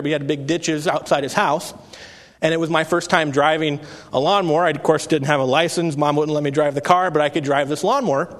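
A man in his thirties, a pastor giving an earnest, conversational sermon with frequent restarts. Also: a little high. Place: church sanctuary. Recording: long reverb of a hall.

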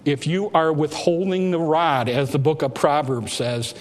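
A man's voice: on the high side, steady tone, a little slow. A male pastor, preaching a sermon in a church and building to emphatic, rising exhortations. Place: church sanctuary. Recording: hall reverb.

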